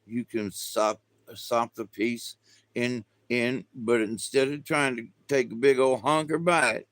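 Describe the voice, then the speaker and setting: Guy rambling slow on his livestream, chuckles a lot, dry close sound. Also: mid-range voice, fairly even intonation, fairly bright tone, no room sound. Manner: meandering, chuckles often, restarts sentences. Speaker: livestream host. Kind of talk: rambling casual chat.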